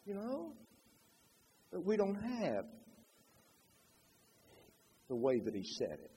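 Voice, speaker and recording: Preacher, male, high and lively delivery, long hall reverb. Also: takes it slowly, a little hiss or hum. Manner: animated, dramatizes quotes with shifting loudness. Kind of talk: sermon.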